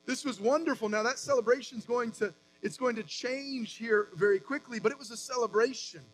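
High-voiced preaching man. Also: slight background noise, rough recording. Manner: animated preaching with emphatic rises and quick asides. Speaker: pastor. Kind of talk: sermon.

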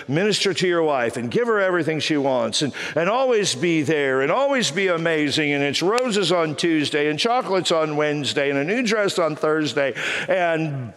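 Middle-aged male pastor, wry storytelling sermon, higher-pitched voice, echoing sanctuary. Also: fairly bright tone. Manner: joking, self-deprecating storyteller with quick asides. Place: church auditorium. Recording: hall reverb.

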